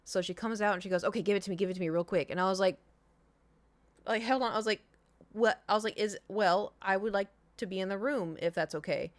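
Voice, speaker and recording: A young woman streamer tells a story in a loose, rambling way, full of fillers and restarts. Her voice sits at a middling pitch. The sound is dry and close, with almost no room around it. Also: quick pace, dry recording. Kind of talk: casual storytelling chat.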